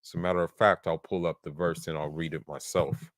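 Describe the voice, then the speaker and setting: Man, blunt, argumentative, lowish voice, dry close sound. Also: flat delivery, a little fast, dry recording. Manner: blunt, argumentative, recites verses in Arabic. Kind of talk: casual debate talk.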